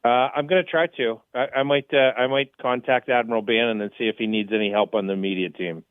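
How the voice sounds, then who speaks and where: A man calling into a radio show, friendly and halting as he repeats himself. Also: medium pitch, fairly even intonation, clean tone, no echo. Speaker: caller. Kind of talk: phone-in call to talk radio. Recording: tinny phone line.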